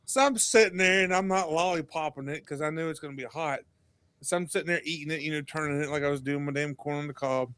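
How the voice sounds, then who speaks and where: Male podcast guest, lively storyteller who acts out quotes, slightly high voice, dry close mic. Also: fast, smooth, no room sound. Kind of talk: casual chat.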